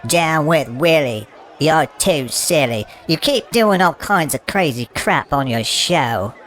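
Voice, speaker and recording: A man's voice: fairly high pitch, animated, takes it slowly, fairly bright tone. Man playing a stubborn English protester. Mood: indignant. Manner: belligerent, stammering. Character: indignant English male protester, crude and stubborn. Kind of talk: comedy sketch.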